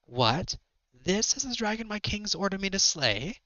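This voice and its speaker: A man's voice: high-pitched, sing-song, measured pace, bright, forceful tone, dry recording, lo-fi sound, pitched above the performer's own voice, full character voice. A man voicing an arrogant, formal-speaking armored horse-woman knight who commands soldiers. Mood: haughty.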